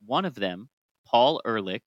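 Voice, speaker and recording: A man's voice: on the low side, animated, measured pace, dry recording, dull audio. A man co-hosting a casual podcast, telling chemistry history in a playful, joking way. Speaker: podcast co-host.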